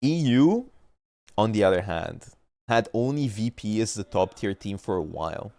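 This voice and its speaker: A man's voice: lowish voice, sing-song, normal speed, creaky, mellow, dry recording. A young man with a stuffy nose, commenting on an esports match in blunt, profane, rambling talk on a livestream. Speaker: esports streamer.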